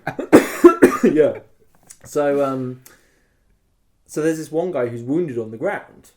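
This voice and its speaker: A man co-hosting a podcast, telling a long story in casual chat, rambling and animated, full of "like" and the odd swear word. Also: fairly high pitch, takes it slowly. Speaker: podcast co-host.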